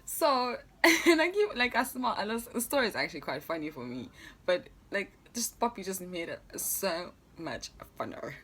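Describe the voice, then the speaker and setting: A woman's voice: medium pitch, sing-song, moderate pace, a bit bright, breathy edge. A young adult woman telling a story in a casual vlog, chatty and laughing often, with plenty of fillers. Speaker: vlogger.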